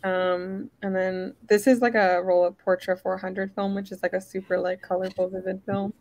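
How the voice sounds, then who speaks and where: A woman co-hosting a casual chat, talking in a halting way full of "like" and "um". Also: medium pitch, flat delivery, darkish tone, poor audio. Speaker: co-host, photographer.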